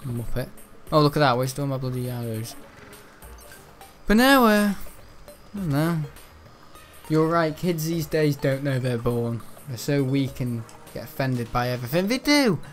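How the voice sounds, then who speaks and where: A man's voice: medium pitch, animated, unhurried, faint music behind. A man chatting casually while streaming a game, rambling and joking and laughing often. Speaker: gaming streamer. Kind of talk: casual livestream chat while gaming.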